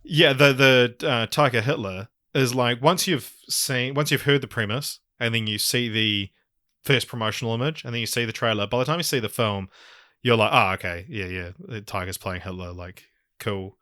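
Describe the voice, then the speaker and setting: A man's voice: mid-range voice, moderate pace, sharp tone, no echo, studio quality. A man with a New Zealand accent hosting a podcast in casual chat, rambling with lots of fillers and frequent swearing. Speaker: podcast host.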